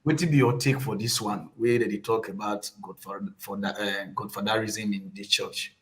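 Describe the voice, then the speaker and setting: A man's voice: on the low side, steady tone, moderate pace, a bit bright. A man interviewing, asking questions hesitantly.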